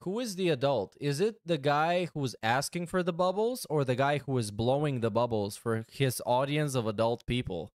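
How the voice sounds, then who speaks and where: Lively, mocking male podcast host. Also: medium pitch, normal speed, few pauses, no room sound. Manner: dry, mocking asides. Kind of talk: sarcastic commentary on stream clips.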